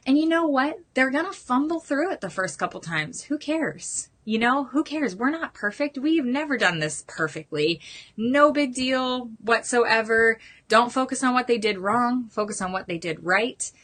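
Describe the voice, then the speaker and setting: A woman in her thirties giving an earnest, animated motivational training talk to her team. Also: fairly high pitch, normal speed. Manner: earnest and animated, addresses listeners as you guys.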